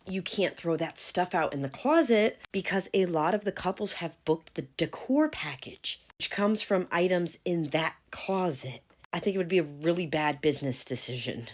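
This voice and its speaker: A woman's voice: sits low, normal speed, hardly any pauses. A young woman narrating her own story and acting herself out, earnest, polite but firm. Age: young adult.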